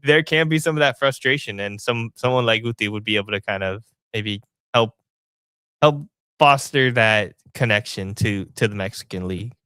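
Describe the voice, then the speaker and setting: A man co-hosting a casual sports podcast, talking in a relaxed, rambling way with frequent restarts. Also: on the low side, normal speed, smooth, no room sound. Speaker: podcast co-host.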